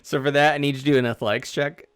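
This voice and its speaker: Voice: medium pitch, fairly even intonation, very fast, smooth. A game master running a tabletop role-play game, narrating with many fillers and laughs.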